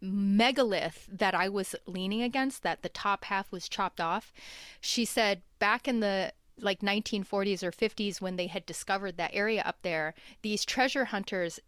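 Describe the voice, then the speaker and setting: Woman guest, lively storyteller, smooth clear voice, dry close sound. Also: mid-range voice, moderate pace, dry recording. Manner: animated, laughing storyteller. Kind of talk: casual storytelling. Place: home.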